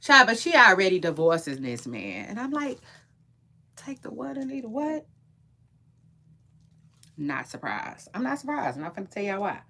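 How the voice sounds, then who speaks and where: A young woman with a bright, forceful voice chats straight to her viewers. She speaks AAVE and swings her pitch a lot, offering strong opinions in a loose, rambling way, restarting and repeating words as she goes. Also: sing-song, a little fast, few pauses. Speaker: gossip and entertainment commentator. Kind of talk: casual chat to viewers.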